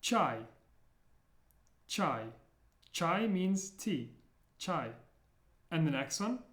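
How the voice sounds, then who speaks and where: A man teaching the sounds of an alphabet, repeating each one slowly and clearly, with playful memory tricks. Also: high voice, sing-song, fairly bright tone, roomy sound. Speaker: language teacher. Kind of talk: slow, deliberate pronunciation lesson.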